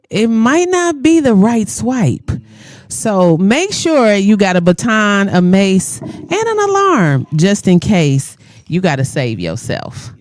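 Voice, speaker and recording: A woman's voice: mid-range voice, dry recording, studio quality. A woman hosting a radio talk show, talking in a playful, bawdy way and laughing often. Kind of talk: casual radio interview chat.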